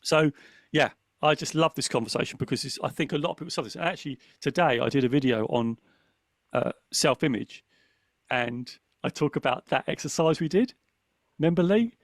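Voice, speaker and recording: A man with a gravelly edge and a somewhat higher pitch chats casually on a podcast. He talks animatedly and acts out the things his inner voice says. The sound is close and dry. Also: expressive, fairly quick, dry recording. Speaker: guest on a podcast panel. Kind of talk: casual conversation.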